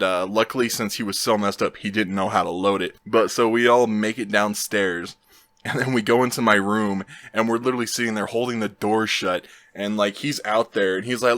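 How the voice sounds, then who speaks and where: A young man with a lowish, bright, forceful voice recounts a story in loose, casual slang. He leans on "like" constantly and bursts into loud, high shouts for the quoted lines. The sound is close and dry. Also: no echo. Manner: casual slangy talk with frequent "like". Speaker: storytelling vlogger.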